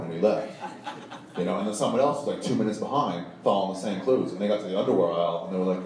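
A man's voice: rapid-fire, very echoey, a crowd in the background. Man telling a rambling story on stage. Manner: rambling, animated, acts out the other people in the story. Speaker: stand-up storyteller. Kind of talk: live storytelling set. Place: comedy club stage before a laughing audience. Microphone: handheld stage mic, recorded from the crowd. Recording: boomy live room taped from far off, audible noise. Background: audience laughter.

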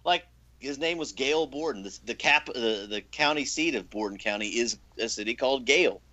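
A man's voice: mid-range voice, lively intonation, a little fast, pushed and bright, dull audio. A man co-hosting a podcast, talking in a wry, understated way with dry jokes. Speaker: podcast co-host. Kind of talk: casual podcast chat.

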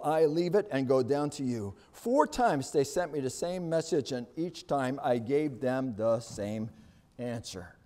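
A man's voice: fairly high pitch, warm tone. A middle-aged male pastor preaching a sermon, building emphasis with rhetorical questions.

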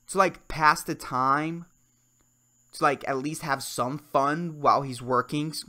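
The podcast host, a young man in Puerto Rico, rants through a solo comedy show full of swearing, alternating worked-up outbursts with muttered asides. His voice is a little high and steady, measured in pace, pushed and bright.

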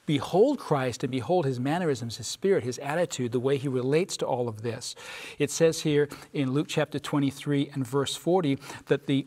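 A man's voice: mid-range voice, a little mellow. A man on a church study panel, preaching a Bible lesson earnestly and emphatically, reading scripture verses aloud and posing questions to his listeners. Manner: pauses for listeners' responses. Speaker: Sabbath School panelist.

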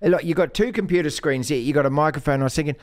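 Fast, lively male host from New Zealand, banter-heavy, pitched a bit high. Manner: bantering, teasing, animated. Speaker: talk radio host. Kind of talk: casual chat.

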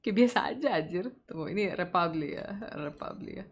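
A woman with an Indonesian accent streaming a game, casually chatting, reading the game text aloud and breaking into excited shrieks. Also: fairly low pitch, fast talker, hardly any pauses. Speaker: VTuber streamer. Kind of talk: casual gameplay commentary.

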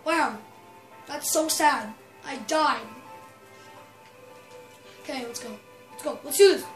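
High, excitable female gamer voice. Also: unhurried, long pauses. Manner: excitable, bursts into shrieks and yells. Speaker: gameplay commentator. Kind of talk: casual gameplay commentary. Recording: roomy echo, faint music.

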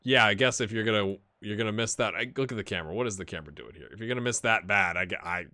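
A man's voice: fairly low pitch, rapid-fire, pushed and bright. A man hosting a casual let's-play video, chatting and rambling to his viewers as he plays. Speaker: gaming channel host.

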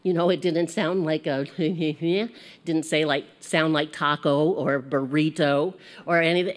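An American woman teaching a casual Bible lesson, chatty and animated, laughing at herself as she goes. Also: low voice, a little slow.

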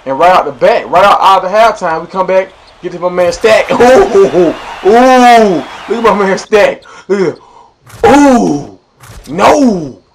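A man's voice: sits high, brisk, a little hiss or hum. A young man giving casual, slangy, playful commentary over his own gameplay, hyping up the plays. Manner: animated, slangy, playful hype.

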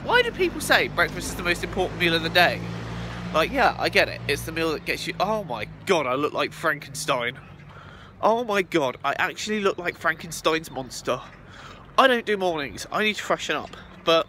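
Excitable man vlogging on the go. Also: high-pitched, a little hiss or hum. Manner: excitable, swears freely, shouts in bursts. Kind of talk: casual travel vlog.

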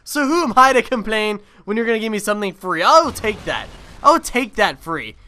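A man's voice: sits high, big pitch swings, normal speed, pushed and bright. A young man giving casual gameplay commentary on his own video, rambling and swearing freely. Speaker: gaming video creator.

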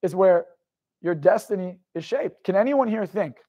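On a muffled recording, a young man with a slightly high voice delivers a live motivational talk at a moderate pace. Animated and intense, he shares a raw personal story, swears freely, and keeps turning to the audience with questions.

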